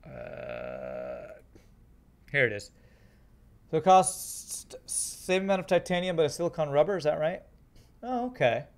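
A man streaming a game, thinking out loud and chatting to his viewers in a casual way. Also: on the high side, very animated, a little slow, gravelly, pauses often. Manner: thinks aloud, chats to viewers. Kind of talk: casual live-stream gameplay commentary.

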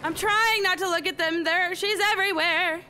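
A woman with a high voice talks through a horror game, audibly frightened, swearing and repeating herself. Loud noise and game sound sit under her voice. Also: moderate pace. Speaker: gamer. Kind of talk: horror game let's-play commentary. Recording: noisy with game sound behind.

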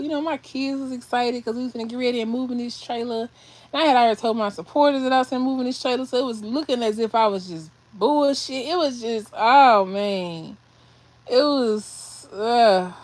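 Emotional woman on a livestream. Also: on the high side. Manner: rambling, restarts and repeats phrases. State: shaky, emotional. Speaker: vlogger doing a livestream. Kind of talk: emotional casual storytelling to viewers. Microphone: phone or webcam on a livestream.

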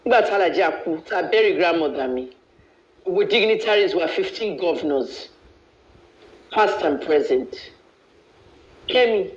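High-voiced boastful man ranting on a live stream. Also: expressive, moderate pace, long pauses. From Nigeria. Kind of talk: code-switching live video rant. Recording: echoey, dull live-stream audio.

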